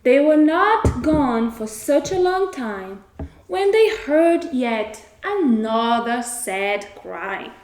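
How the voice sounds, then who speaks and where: Slow, expressive woman storyteller. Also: high voice. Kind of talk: children's story narration. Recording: echoey room.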